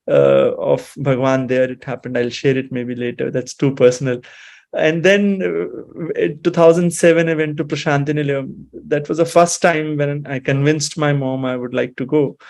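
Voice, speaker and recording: A man in his thirties from Himachal with an Indian English accent, sharing a personal devotional story in a reflective, emotional and halting way. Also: on the high side, creaky, darkish tone. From Himachal Pradesh, India. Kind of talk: personal testimony, mixing English and Hindi.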